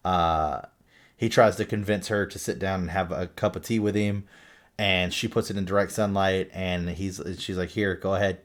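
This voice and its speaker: A man with a fairly low voice talks through a movie review in a loose, unscripted way. He rambles, swears casually and leans on fillers as he goes. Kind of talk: casual spoken film review.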